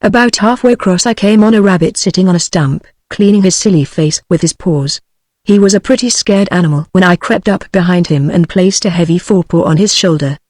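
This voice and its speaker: A text-to-speech British woman's voice reading the lines of a cheerful, bold male otter in even, synthetic tones. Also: on the low side, a little fast, dry recording, clean studio sound, close to an everyday voice. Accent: British English.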